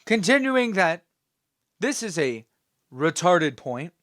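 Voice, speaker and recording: A man's voice: high voice, sing-song, slow, a bit bright, no echo, studio quality. A man hosting his own channel, giving a rambling, opinionated commentary with many fillers and a scolding tone. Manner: scolding, dismissive. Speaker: channel host.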